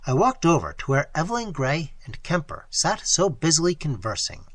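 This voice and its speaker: An audiobook reader narrating a story with animated delivery, acting out the dialogue and dropping into whispers at times. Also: medium pitch, moderate pace, no room sound. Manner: animated, acts out dialogue with sudden drops to a whisper. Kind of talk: scripted narration.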